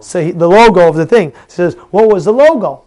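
Guy with a high voice telling a story in a torah class, acts out all the dialogue, trips over his words a lot. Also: fairly quick. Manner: animated, acts out dialogue, many restarts; mixes in Hebrew words. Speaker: Torah teacher.

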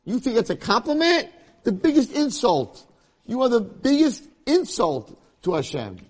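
A man voicing a mocking male Satan who taunts and sneers, husky-toned. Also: mid-range voice, unhurried, darkish tone. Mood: scornful.

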